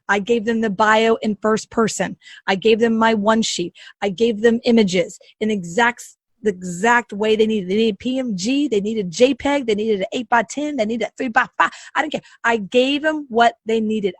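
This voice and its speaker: Sassy woman host coaching people, kinda high voice, dry close sound, hammers her points. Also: dry recording. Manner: sassy, emphatic, repeats phrases for punch. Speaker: podcast host and speaker. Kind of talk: animated coaching monologue.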